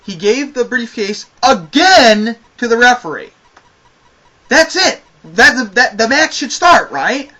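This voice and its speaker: A man's voice: extremely high pitch, sing-song, slow pace, pushed and bright, rough recording. A man giving a casual spoken review of a wrestling show, ranting with exasperation and a lot of swearing.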